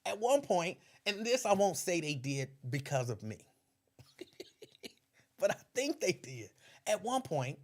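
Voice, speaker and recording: Lively, animated man telling stories. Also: sits high, measured pace, long pauses. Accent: Cincinnati area. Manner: laughs often, animated storytelling. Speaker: podcast host, former radio host. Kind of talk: casual livestream chat.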